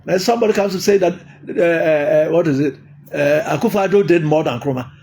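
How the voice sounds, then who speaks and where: A middle-aged Ghanaian man speaking in an impassioned political talk, often halting with hesitations and rising to shouts. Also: on the high side, creaky. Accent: Ghanaian English.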